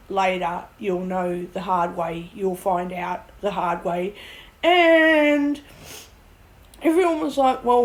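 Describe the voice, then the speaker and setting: A woman's voice: mid-range voice, low-quality recording. Blunt woman venting. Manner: blunt, swears, laughs at her own ordeal. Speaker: vlogger. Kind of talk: rambling personal vent.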